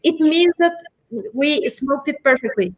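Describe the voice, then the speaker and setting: A woman's voice: high voice, animated, unhurried. A woman, a commercial director, talking on a casual talk show, enthusiastic and teasing, laughing often.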